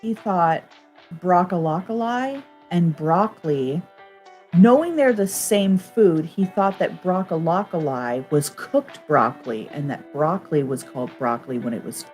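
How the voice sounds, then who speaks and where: A woman's voice: on the low side, a little slow, soft background music. A woman co-hosting a live stream in casual chat, telling stories and laughing often. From United States. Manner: laughs often, animated storytelling.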